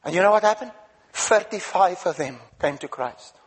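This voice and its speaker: A man's voice: sits high, expressive, moderate pace, breathy edge. A man from Africa preaching a sermon as a guest speaker, emphatic, asking the congregation questions and repeating words.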